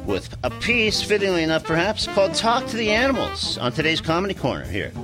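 A man hosting a radio show, talking in a relaxed way with frequent fillers. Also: sits high, a little fast, music in the background.

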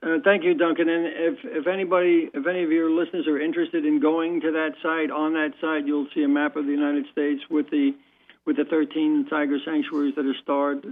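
A man talking as a guest on the phone, halting and repeating words as he speaks. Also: fairly high pitch, level tone. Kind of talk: phone interview. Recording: tinny phone line.

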